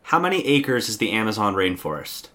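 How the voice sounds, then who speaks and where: A man's voice: on the low side, sing-song, fairly bright tone. A man co-hosting a podcast who leads the topics and laughs easily. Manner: upbeat, quick to laugh, steers the talk. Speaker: podcast co-host. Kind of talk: casual chat.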